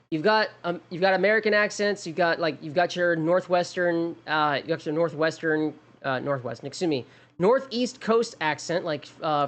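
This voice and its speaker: Rambling, chatty game streamer. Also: medium pitch. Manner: rambling, many restarts and fillers, musing aloud. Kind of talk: casual livestream chat.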